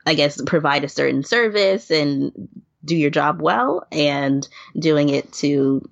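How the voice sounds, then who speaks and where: Low, gravelly woman chatting with laughs. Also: lively intonation, slow, no room sound. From New York. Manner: laughs often, talks with many fillers and restarts. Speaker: podcast guest. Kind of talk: casual chat. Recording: dull lo-fi sound.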